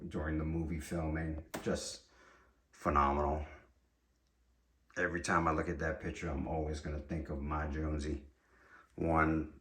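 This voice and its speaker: Deep-voiced New York man, echoey room. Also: sharp tone. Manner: enthusiastic, rambling. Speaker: collector giving a room tour. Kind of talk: casual collection tour. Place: home statue room.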